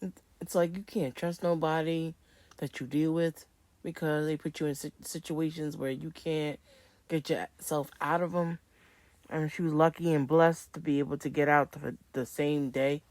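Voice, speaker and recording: A woman's voice: deep voice, fairly even intonation, normal speed, a little mellow, dry recording. Chatty woman host, dry close sound. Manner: frank, chatty, addresses viewers. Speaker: host reacting to a clip. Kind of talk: casual reaction commentary.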